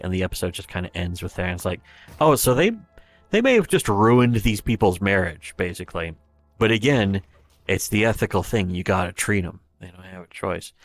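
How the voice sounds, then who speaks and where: A man's voice: low voice, expressive, a little fast, dry recording. A man giving rambling, profane livestream commentary, retelling scenes with quoted voices. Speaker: streamer.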